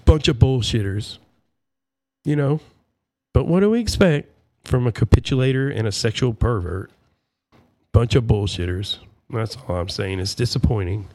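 A man's voice: mid-range voice, lively intonation, normal speed, long pauses, darkish tone. A man hosting his own talk show, ranting in a profane, sarcastic and rambling way. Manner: rambling with fillers and asides. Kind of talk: political rant.

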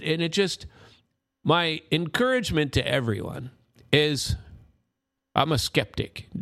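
A man's voice: medium pitch, fairly bright tone. A middle-aged man hosting a casual, rambling monologue, folksy and full of restarts. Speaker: host.

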